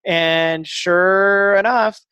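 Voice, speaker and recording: Lively man telling a story in a dry room. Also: high voice, drawn-out words, clear, resonant tone, no echo. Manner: animated, acts out dialogue with fillers and restarts. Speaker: podcast guest. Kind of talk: casual storytelling interview.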